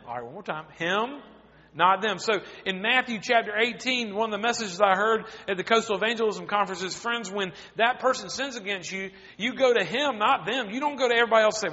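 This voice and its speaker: A high-voiced man preaches a sermon to his congregation, chatty and direct, often sinking to a hush to drive a point home. His voice carries a long reverb from the church sanctuary, and the sound is dull and muffled. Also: brisk. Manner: conversational preaching, drops to quiet for emphasis. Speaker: pastor.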